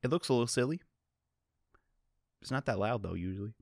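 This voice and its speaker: Animated, jokey young gamer man. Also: mid-range voice, brisk, vocal fry, dry recording, studio quality. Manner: animated, jokey, shouting reactions. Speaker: YouTube gamer. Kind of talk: let's play commentary.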